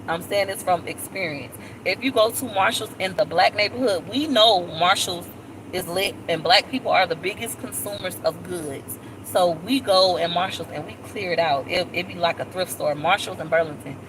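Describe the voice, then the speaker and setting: A woman vlogger chatting casually on a live stream, animated and talkative, with squealing high jumps when she quotes people. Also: background noise.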